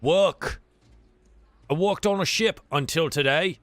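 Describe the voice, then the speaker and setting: A man's voice: fairly high pitch, takes it slowly, a bit bright, dry recording. A man voicing a surly, stubborn male sailor who grumbles and swears. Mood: defiant.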